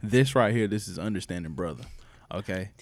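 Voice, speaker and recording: Loud joking podcast host, low voice. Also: male voice, a little fast, no echo. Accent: Southern US. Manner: loud, jokey, hype banter. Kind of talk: casual podcast chat.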